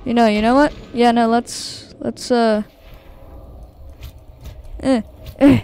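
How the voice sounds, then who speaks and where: A woman narrates her let's-play straight to her viewers, easily frightened and repeating herself nervously. Her voice is a little high, gravelly and warm, slow with fairly even intonation, and the audio carries a little hiss or hum.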